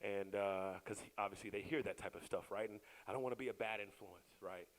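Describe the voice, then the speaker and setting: A middle-aged man doing a stand-up comedy set, who bursts into loud shouts when he acts out scenes. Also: fairly low pitch, fairly even intonation, a little fast, low-quality recording.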